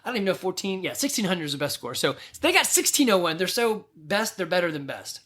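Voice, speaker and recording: A man's voice: sits high, sing-song, quick pace, a bit bright. A middle-aged man hosting a podcast, giving casual advice in a rambling, conversational way with restarts and chuckles. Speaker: podcast host.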